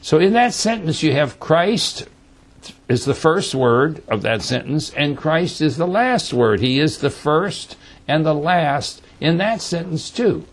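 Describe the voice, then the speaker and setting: A man teaching scripture at an unhurried pace. His voice sits a little high. He repeats his key words and checks in with his listeners as he goes. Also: animated. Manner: slow, repetitive explaining with frequent "okay?" checks. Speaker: Bible teacher. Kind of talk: Bible teaching.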